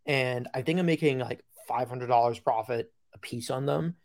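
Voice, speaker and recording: A man's voice: medium pitch, moderate pace. A man co-hosting a podcast in casual chat, telling stories in a rambling way, with plenty of fillers and acted-out quotes. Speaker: podcast co-host.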